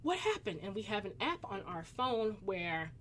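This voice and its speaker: A woman's voice: a little slow, a little hiss or hum. A woman in her thirties with a Southern US accent, telling a personal story casually to her viewers and acting out the people in it. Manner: animated, acts out quoted voices with pitch jumps. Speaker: vlogger.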